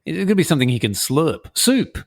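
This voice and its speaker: A man co-hosting a comedy podcast, talking in animated, mock-serious banter and reading lyrics aloud with jokes. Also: fairly high pitch, fairly quick, creaky. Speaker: podcast co-host.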